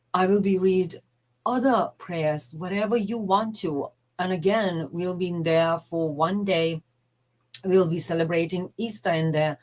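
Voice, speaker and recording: Earnest woman coach, lower voice. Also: low-quality recording. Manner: earnest, halting, emotional, non-native phrasing. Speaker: life coach. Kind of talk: casual emotional monologue.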